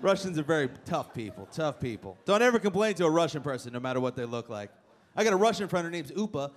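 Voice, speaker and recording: Recorded live with audience laughter and chatter around him, a male comic fires off punchlines and ribs the crowd. He talks fast, very animated, in a fairly high voice.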